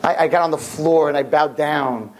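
Impassioned man preaching with a high voice. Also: steady tone, moderate pace, rough recording. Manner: swings from low murmur to high shouting; acts out dialogue in character voices. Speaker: religious teacher. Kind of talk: impassioned sermon to girls.

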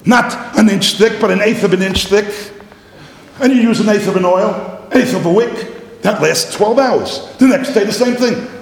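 A man giving a Talmudic lecture, animated and repetitive, mixing in Yiddish and Hebrew terms, coughing now and then. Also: high voice, unhurried, gravelly. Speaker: Torah teacher. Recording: echoey hall, faint noise.

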